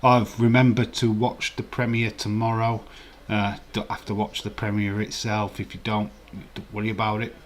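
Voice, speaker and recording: A man's voice: fairly low pitch, flat delivery, normal speed, hardly any pauses. A man hosting a casual live stream, rambling and chuckling while reading the chat. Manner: rambling, chuckling, chatty asides.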